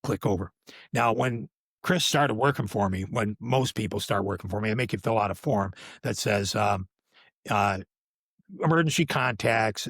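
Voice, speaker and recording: An older man, a podcast guest, telling a long anecdote in casual conversation and acting out the quoted voices with sudden loud exclamations. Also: fairly low pitch, creaky, no room sound, clean studio sound. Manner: animated, acts out quoted dialogue with sudden raised exclamations. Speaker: podcast guest, veteran live sound engineer.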